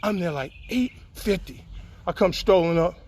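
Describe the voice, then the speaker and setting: High-voiced man rambling through a story. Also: normal speed. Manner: rambling, animated, greets viewers mid-story. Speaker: vlogger telling a story. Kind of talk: casual storytelling vlog.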